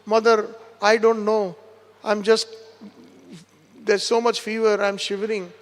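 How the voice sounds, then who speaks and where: A man voicing a sick young wife who speaks in a feeble, halting voice. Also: sits high, little pitch movement, in a large hall. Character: young wife, sick and feeble, stubborn about her chastity.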